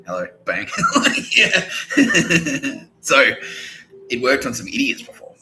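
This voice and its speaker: A man's voice: medium pitch, huge pitch swings, slow pace, bright, forceful tone, a little hiss or hum, poor audio. A man hosting a podcast, rambling and laughing often, swearing and acting out quoted voices. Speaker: podcast host. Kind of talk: rambling monologue.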